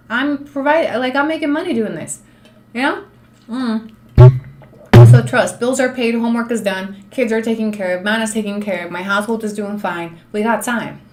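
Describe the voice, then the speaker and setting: A woman's voice: on the high side, animated, normal speed, fairly bright tone. Blunt, profane woman ranting live. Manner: blunt and profane, talks straight to chat; slips into Spanish phrases. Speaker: livestream host and law student. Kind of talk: unscripted live-stream rant.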